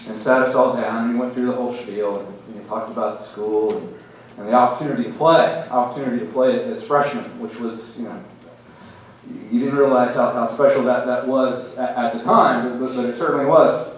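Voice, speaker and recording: A middle-aged man at a banquet podium, thanking people in halting, self-correcting phrases with a dry, self-deprecating touch. He sits at an ordinary pitch for a man, captured from a distance in a heavily echoing hall with faint ambience behind. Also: steady tone, a little hiss or hum. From Oklahoma. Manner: halting, many restarts and repeated words. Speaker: hall of fame inductee. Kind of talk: acceptance speech. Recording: very echoey hall, heard from a distance.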